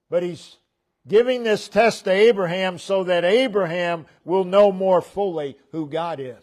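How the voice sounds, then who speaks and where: Slow, deliberate preaching man. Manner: slow, deliberate preaching, dropping low and soft at phrase ends, rising for emphasis. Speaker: pastor. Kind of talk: sermon. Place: church sanctuary.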